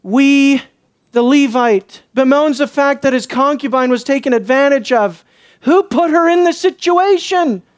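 A man's voice: extremely high pitch, a little slow. Impassioned preacher man with rhetorical questions. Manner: impassioned, rhetorical questions, swings between hushed and emphatic; sarcastic when mimicking others. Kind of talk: expository sermon.

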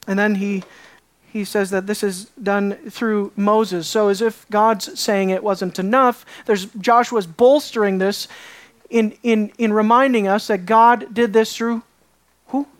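A woman's voice: mid-range voice, fairly even intonation, measured pace. A woman preaching as a Bible teacher, emphatic, asking the listeners rhetorical questions and repeating words for stress. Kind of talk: sermon-style Bible teaching.

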